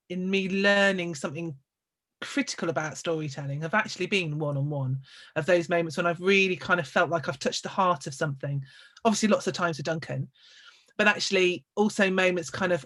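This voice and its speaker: A woman, a storyteller hosting a conversation, reflecting aloud in a casual, animated way. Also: fairly low pitch. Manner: animated, acts out quoted voices, thinks aloud.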